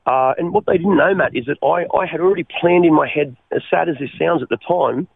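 An Australian man telling his life story as an interview guest, halting and repeating his words, often calling the host mate. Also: a little high, gravelly, slightly rough, no room sound. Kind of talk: personal testimony in an interview. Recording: phone-like narrow line.

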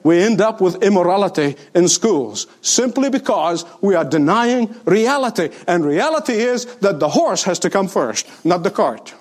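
Male pastor preaching, high voice that swings all over, leans hard on repeats. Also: big pitch swings, moderate pace, hardly any pauses. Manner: emphatic preaching with repeated phrases. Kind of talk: sermon.

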